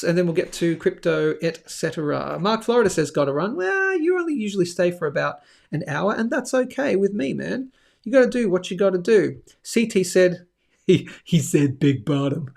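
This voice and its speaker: A man hosts a live show in a relaxed, chatty way. He keeps checking in with the audience as he talks. His voice sits a little high and has a gravelly edge. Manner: chatty, animated, lots of "okay?" asides. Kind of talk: casual live-stream talk with sponsor reads.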